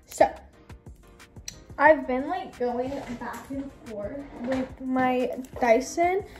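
A woman's voice: high voice, extremely slow, soft background music. A young woman chatting casually to the camera while doing her makeup and hair, rambling and saying "like" constantly. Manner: chatty and rambling, heavy use of "like". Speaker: vlogger. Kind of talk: casual get-ready-with-me chat.

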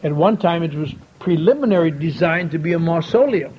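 A man's voice: a little high, expressive, fairly quick. An older man telling a wry, folksy story to a convention audience, acting out the dialogue he quotes. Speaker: speaker at a recovery convention. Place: large convention hall. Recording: dull lo-fi tape with faint hiss.

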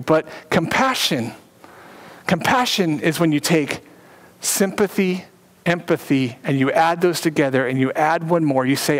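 A man's voice: a little high, unhurried, poor audio. A man preaching a sermon as pastor, building to emphatic repeated phrases and easing into conversational asides.

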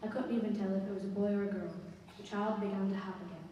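A woman giving a slow, expressive dramatic reading of a ghost story. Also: mid-range voice, muffled recording, faint music behind. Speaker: story reader. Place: school concert hall. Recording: echoey hall from far off, faint ambience.

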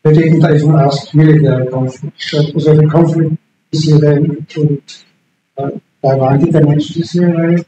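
Halting male lecturer in an echoey hall. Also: fairly high pitch, steady tone, dull audio. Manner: halting, repeats words while searching for phrasing. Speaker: panel speaker, political science lecturer. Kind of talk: unscripted conference talk. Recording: very echoey room with faint background noise.

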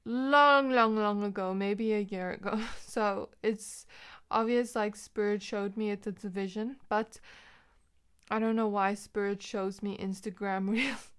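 Young female tarot reader, mid-pitched, smooth tone, meandering intuitive delivery. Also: level tone, unhurried. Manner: rambling, intuitive, many "um" and "like" fillers. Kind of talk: pick-a-card tarot reading.

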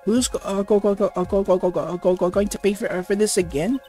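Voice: mid-range voice, fairly even intonation, fast, mellow, faint music behind, close to an everyday voice. A gamer voicing a cheerful teenage girl magician, bubbly and upbeat, with heavy stutters while reading game dialogue aloud. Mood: chatty.

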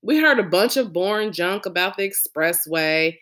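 A woman reading a novel aloud as a lively first-person storyteller. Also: lowish voice, normal speed. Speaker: audiobook reader. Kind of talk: audiobook narration.

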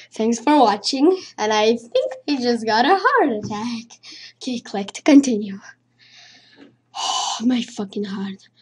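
A woman speaking English as a second language talks through a horror game in a slow, somewhat high voice. She is jittery and swears constantly, humming nonsense syllables to steady her nerves. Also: slightly rough. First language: not English. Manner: jittery, swears a lot, hums nonsense to stay calm. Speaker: let's play gamer.

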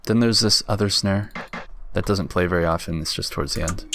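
A man's voice: low-pitched, fairly quick. A young man casually walking through how he built a beat, laid-back and rambling, with lots of filler words. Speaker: beat producer. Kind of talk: casual tutorial walkthrough. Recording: music faintly underneath.

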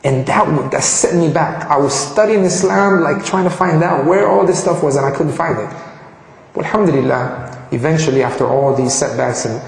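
A man's voice: fairly high pitch, normal speed, gravelly. Man telling his story in an echoey hall. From Colombia. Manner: animated, frequent restarts and fillers. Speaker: convert giving a testimony. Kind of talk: personal storytelling talk. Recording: echoey hall with long reverb.

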